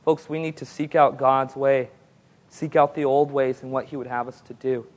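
A man preaching a sermon, telling stories and rising to excited peaks with call-and-response amens. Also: moderate pace. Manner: storytelling, builds to excited high-pitched peaks. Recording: long hall reverb.

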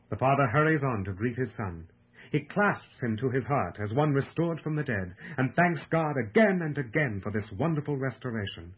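A man giving a slow, solemn, reverent audiobook reading of a devotional text. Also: medium pitch, animated, husky. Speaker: narrator. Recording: tinny phone-like lo-fi sound.

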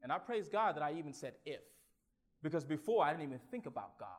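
High-voiced male preacher sharing his testimony, drops to a hush, then rises to loud exclamations, halting and repetitive. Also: expressive. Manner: swings from hushed, halting recollection to loud exclamations; stammers and repeats words. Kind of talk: sermon with personal testimony.

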